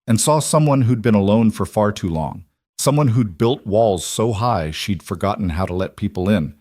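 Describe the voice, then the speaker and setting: A man reading a scripted story in an even, measured way. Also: on the low side, dry recording, clean studio sound. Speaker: narrator. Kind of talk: scripted narration.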